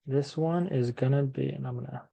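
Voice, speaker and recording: A man teaching to Spanish speakers in a slow classroom lesson, patiently repeating each word and thinking aloud as he writes. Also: mid-range voice, gravelly, mellow. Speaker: English teacher.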